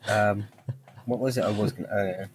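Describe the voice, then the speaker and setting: A man co-hosting a podcast, chatting casually with quick joking asides and frequent laughs. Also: lowish voice, fairly even intonation, slight background noise. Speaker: podcast co-host. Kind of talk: casual comedic chat.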